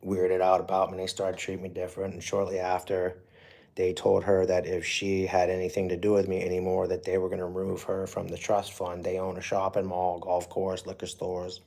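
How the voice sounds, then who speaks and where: A middle-aged man with a low, creaky, dark voice hosts a livestream, rambling through a personal story. He's profane and emotional, using lots of fillers.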